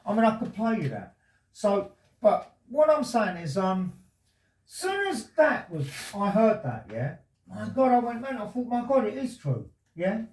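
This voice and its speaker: Rambling, insistent man, high voice. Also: sing-song, a little slow, darkish tone. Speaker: resident making a complaint. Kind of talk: conversation with police. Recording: roomy, from far off the mic.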